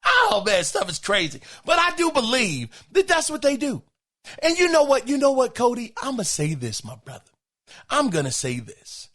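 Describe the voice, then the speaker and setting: A middle-aged man hosting a podcast, reacting to listener emails in an emphatic, exclaiming, animated way. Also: very high-pitched, normal speed. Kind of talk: casual podcast commentary.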